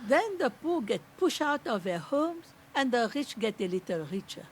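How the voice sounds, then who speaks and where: Casting: a stubborn old landlady in a game, scolding and lively in tone. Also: fairly high pitch, moderate pace, a little hiss or hum. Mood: bitter. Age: older. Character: stern old grandmother landlady, distrustful.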